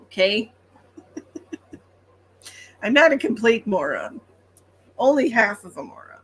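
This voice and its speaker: A woman gives psychic readings during a livestream, speaking in a chatty, reassuring way. Her voice sits a little high, and she fills pauses with ums. A faint hiss of noise runs underneath her. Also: pushed and bright. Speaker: psychic medium.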